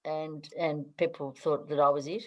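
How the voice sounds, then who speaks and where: A woman's voice: deep voice, flat delivery, moderate pace, darkish tone, rough recording. A middle-aged Australian woman chatting as an interview guest, laughing often and restarting her sentences. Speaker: guest, newspaper editor. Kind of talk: casual interview chat.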